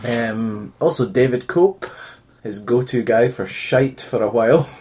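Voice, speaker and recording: A young man co-hosts a relaxed film podcast. He reads out cast notes in a dry, teasing way. A faint hiss sits under his voice. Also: medium pitch, a little slow. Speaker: podcast co-host. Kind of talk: casual film-podcast chat.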